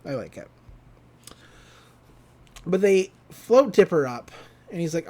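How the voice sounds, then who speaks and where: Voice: mid-range voice, very animated, takes it slowly, darkish tone. A podcast co-host in a casual recap who rambles, laughs often and acts out the lines.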